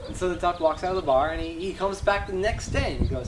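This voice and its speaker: Man rambling through jokes, halting delivery. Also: a little high. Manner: halting, lots of "you know". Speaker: comedian telling jokes. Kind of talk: rambling joke telling. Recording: echoey, distant camera mic, noisy background.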